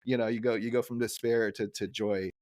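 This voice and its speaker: A man co-hosting a casual podcast, recapping a cartoon episode with lots of fillers and quick jumps into silly character voices. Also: fairly even intonation, a little mellow, no echo. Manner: rambling, many fillers, breaks into silly high character voices when quoting. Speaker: podcast co-host.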